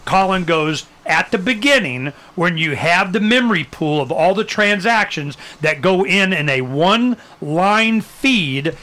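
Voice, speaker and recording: High, bright-voiced man hosting a chat. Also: unhurried, hardly any pauses. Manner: blunt, animated, swears lightly. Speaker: host. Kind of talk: casual interview chat.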